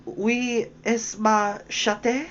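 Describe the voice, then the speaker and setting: A woman's voice: on the low side, sing-song, normal speed. A woman voicing a polite, curious young girl who talks eagerly and apologizes often, for a read-aloud storybook. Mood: earnest. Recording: dull lo-fi with faint hiss.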